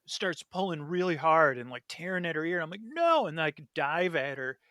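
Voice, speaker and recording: A man, a podcast guest, telling a dream story in casual chat, rambling and animated with lots of fillers. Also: on the high side, brisk, no room sound, studio quality.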